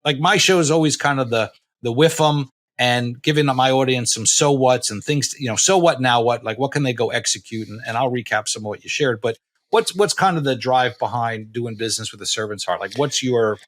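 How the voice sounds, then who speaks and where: A man in his late fifties hosting a podcast, telling stories in a rambling, animated way with many restarts and blunt, salty language. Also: medium pitch, fairly quick. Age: late 50s. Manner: blunt, a bit profane. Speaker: podcast host. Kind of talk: casual interview chat.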